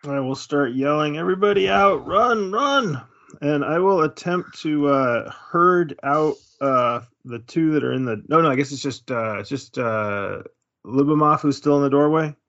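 A man's voice: mid-range voice, moderate pace, fairly bright tone. A man playing a tabletop game casually, thinking aloud with hesitant restarts. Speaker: player. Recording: dull lo-fi recording.

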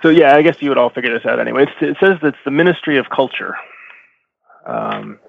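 A man narrating as game master in a tabletop game, halting with many fillers and self-corrections, on a slightly dull recording. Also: medium pitch, huge pitch swings, creaky, a little hiss or hum.

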